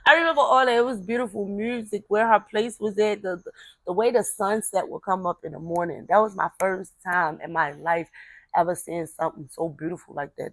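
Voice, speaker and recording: A woman telling a personal story in a casual, animated way, acting out the voices of the people she quotes. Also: medium pitch, normal speed, no echo.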